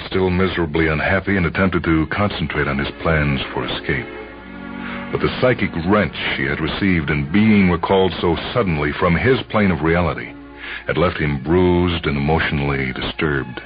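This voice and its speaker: A man narrating a story in a measured, brooding way. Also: very deep voice. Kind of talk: dramatic audiobook narration. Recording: muffled lo-fi recording, faint music.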